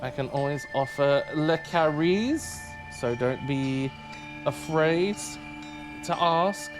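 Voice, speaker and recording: A man's voice: a little high, expressive, slow, music in the background. A man streaming a game live, chatting casually and playfully with viewers and humming tunes between remarks. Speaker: livestreamer.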